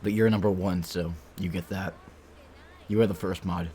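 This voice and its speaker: Low-voiced male streamer chatting casually. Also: moderate pace, a little hiss or hum. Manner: relaxed, chatty, talks while eating, muses aloud. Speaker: game streamer. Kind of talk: casual stream chat while playing.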